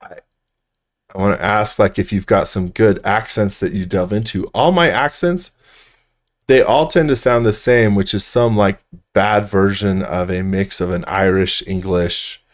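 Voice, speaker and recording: A man hosting a casual livestream, his voice slightly low and his pace unhurried. He mutters to himself as he works and often trails off, with easy self-deprecating laughs between the thoughts. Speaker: host modeling furniture in 3D software. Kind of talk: casual livestream tutorial chat.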